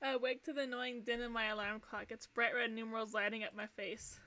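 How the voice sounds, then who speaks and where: High, bright-voiced gushing woman streamer. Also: a little fast. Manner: gushing, excitable reactions between narration read aloud. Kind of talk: playing a game on stream. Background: faint game music.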